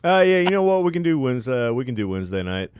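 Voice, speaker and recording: Laid-back podcast guy, middle pitch, joking around, super dry mic. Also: very fast, smooth, no echo, lo-fi sound. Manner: relaxed, joking, reads ads with hype. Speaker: podcast co-host. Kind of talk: casual chat.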